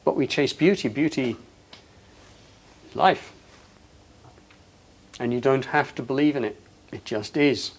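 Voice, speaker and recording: A man giving a passionate, emphatic talk to an audience, his voice rising loud on quoted lines. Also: mid-range voice, a little slow, long pauses. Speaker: speaker.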